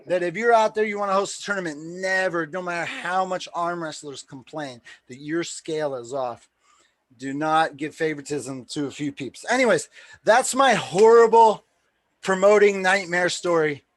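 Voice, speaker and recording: A high-pitched man hosting a live stream tells a story in a loose, excitable way, swearing freely and acting out what others said. His voice sits close and dry on the mic, with no room sound around it. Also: no room sound. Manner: excitable, swears freely, acts out quoted dialogue. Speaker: live stream host and tournament promoter.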